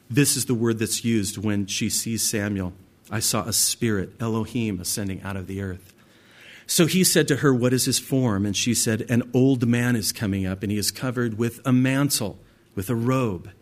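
A man teaching from the Bible as a pastor. He reads passages aloud and then explains them in a conversational way, talking to his listeners directly. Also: fairly low pitch. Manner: addresses listeners directly as "guys".

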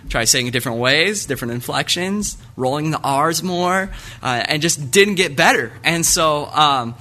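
A young man preaches to a congregation with a bright, forceful tone. His delivery is loose and chatty, full of ums and asides, as he works the room with questions. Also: medium pitch. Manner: casual, rambling, jokey with frequent fillers. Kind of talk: sermon.

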